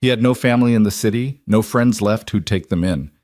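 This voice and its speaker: A man reading a dramatic story as a narrator, in a steady, even storytelling manner. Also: lowish voice, fairly quick, dry recording, studio quality.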